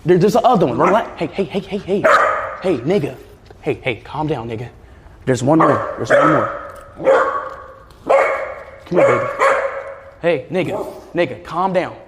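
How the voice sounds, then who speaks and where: An excitable young man talks to his pets, his fairly high voice leaping between shrill yelps and low mutters. The sound is a roomy indoor space with a long, echoey tail and a faint hiss underneath. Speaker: streamer. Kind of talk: casual livestream chat. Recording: echoey room, faint background noise.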